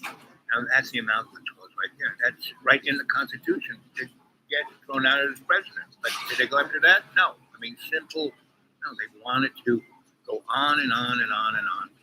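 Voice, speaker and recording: A man's voice: medium pitch, moderate pace, sharp tone, slight background noise, poor audio. A man hosting his own show, rambling opinionated commentary while eating breakfast with his mouth full. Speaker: online show host.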